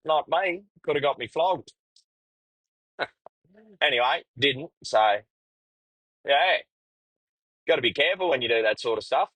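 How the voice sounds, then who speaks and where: Laid-back Australian truckie spinning a yarn. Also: male voice, mid-range voice, a bit bright, husky, dry recording, rough recording. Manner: crude, swears freely, laid-back yarning. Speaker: podcast host; truck driver. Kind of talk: casual storytelling.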